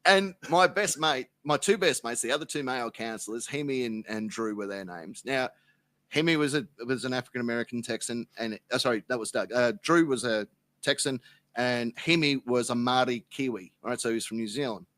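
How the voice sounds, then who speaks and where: Man, Australian accent, podcast guest, animated profane storytelling, forceful bright tone. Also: medium pitch, fairly quick, no room sound. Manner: animated, profane anecdote-telling. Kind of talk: casual storytelling.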